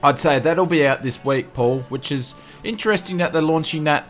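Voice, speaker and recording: A man's voice: on the high side, normal speed, faint music behind. An Australian man hosting a casual livestream, upbeat and greeting chat viewers one by one with repeated welcomes. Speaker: livestream host.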